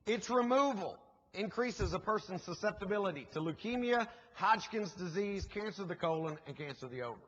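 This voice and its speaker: A man's voice: high-pitched, a little fast. A man, preaching as a guest speaker and telling a story with jokes and asides to the congregation. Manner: animated, jokey storytelling with asides to the audience. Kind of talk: sermon storytelling. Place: church sanctuary. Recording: muffled, echoey church hall recording.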